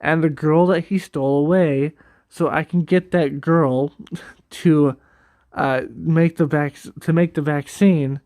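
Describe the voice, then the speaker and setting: A man voicing a scheming woman cult leader who gloats in a slow monologue, slightly higher than his usual voice. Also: fairly even intonation, a little mellow, dry recording, studio quality. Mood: gloating.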